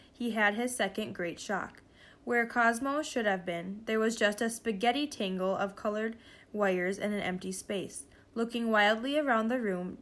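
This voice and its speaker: A woman reading a children's novel aloud in a steady, expressive storytelling way. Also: medium pitch. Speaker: reader.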